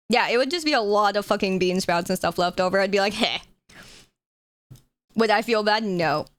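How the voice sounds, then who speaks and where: A woman's voice: medium pitch, lively intonation, normal speed, long pauses, a bit bright, no room sound. A young woman streamer chatting casually with her audience on a live stream, playful and jokey, swearing freely.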